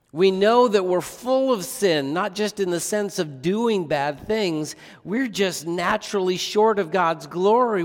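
A man preaching a sermon as pastor, earnest, often asking the listeners rhetorical questions. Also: a little high. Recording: long reverb of a large hall.

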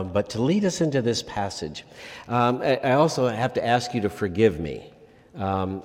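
Preacher with a lively voice in a hall. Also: male voice, fairly low pitch. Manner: relaxed, hesitant with ums. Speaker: pastor. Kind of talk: sermon. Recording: long hall reverb.

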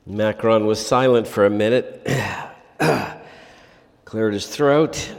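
A man preaching a sermon in a church, relaxed and hesitant with many ums. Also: mid-range voice, slow. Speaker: pastor. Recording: long hall reverb.

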